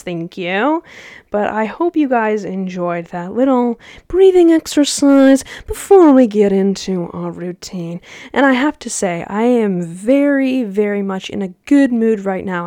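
A woman's voice: medium pitch, a little mellow, no room sound, studio quality. A young adult woman hosting a casual solo podcast, chatty and slangy with laughs. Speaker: podcast host.

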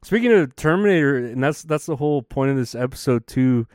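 A male podcast host rambles through a casual monologue, swearing freely and leaning on fillers. His voice is smooth and clear. The sound is dry and close. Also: medium pitch, expressive, fairly quick, darkish tone, no room sound. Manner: profane, rambling, with many fillers.

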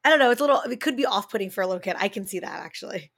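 Fast-talking young woman storyteller. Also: medium pitch, expressive, gravelly, fairly bright tone, no echo, clean studio sound. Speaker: podcast co-host. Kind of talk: casual chat, telling a story.

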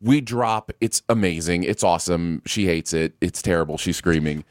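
Low-voiced middle-aged man telling stories. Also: normal speed, no room sound. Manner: relaxed storyteller. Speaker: co-host. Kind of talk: casual podcast storytelling.

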